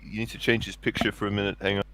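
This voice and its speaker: A man's voice: on the low side, little pitch movement, racing, sharp tone, no room sound. A man co-hosting a livestream comedy bit, heckling crudely and adding mock-formal asides. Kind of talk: improvised comedy banter.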